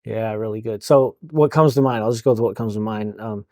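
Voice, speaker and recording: A man who counsels police officers, talking casually in a podcast interview, halting, with many fillers and restarts. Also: lowish voice, darkish tone, no echo, clean studio sound.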